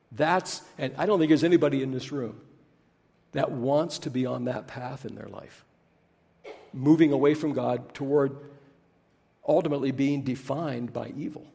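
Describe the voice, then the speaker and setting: A pastor preaching a sermon, slowing down to stress key words. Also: male voice, mid-range voice, creaky, a little mellow. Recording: preached in a hall with long reverb.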